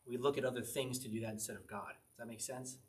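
Speaking fast in a mid-range voice with fairly even intonation, the pastor runs an informal evening Bible study. He reads psalms and talks through their meaning in a relaxed, conversational way, often laughing.

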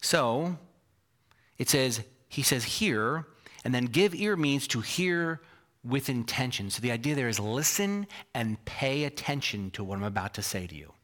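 A man's voice: medium pitch, big pitch swings, a little slow, fairly bright tone. Male pastor mid-sermon; emphatic, asks the room questions, pokes fun at himself. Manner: self-deprecating asides.

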